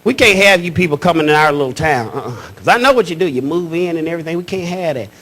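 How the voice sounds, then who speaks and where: A menacing small-town southern cop with a slow good-old-boy drawl, as a comedian puts him on. The voice is bright and sharp and swings widely in pitch. He sounds like he runs his little town. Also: lively intonation. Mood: threatening.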